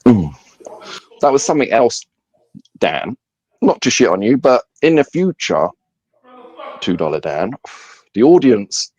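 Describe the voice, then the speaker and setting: A man's voice: mid-range voice, very animated, measured pace, pauses often, darkish tone, slightly rough, no echo, muffled recording. A man co-hosting a live stream, chatting in an easygoing way and swearing casually.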